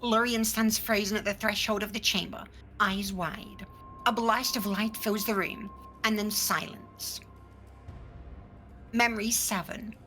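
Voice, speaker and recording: A woman giving a soft, measured dramatic reading of a scene in a tabletop game. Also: mid-range voice, steady tone, faint music behind, rough recording. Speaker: player reading a scene aloud.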